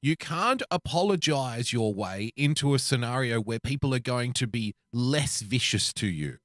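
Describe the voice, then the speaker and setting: A man's voice: medium pitch, lively intonation, normal speed, fairly bright tone, no echo, clean studio sound. A man co-hosting a podcast, ranting in a profane, emphatic casual chat. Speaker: podcast co-host.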